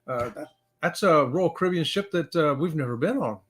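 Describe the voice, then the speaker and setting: Lively high-voiced host chatting. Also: male voice, normal speed. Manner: chatty, greets chat viewers by name, rambling with fillers. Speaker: live-stream show host. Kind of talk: casual live-stream chat.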